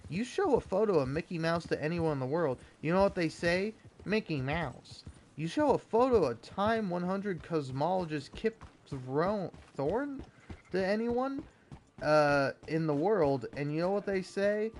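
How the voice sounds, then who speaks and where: A young gaming video creator rants profanely and sarcastically while reading an article, clearly exasperated. His voice is high-pitched yet darkish in tone, expressive, and a little slow, with a little hiss or hum.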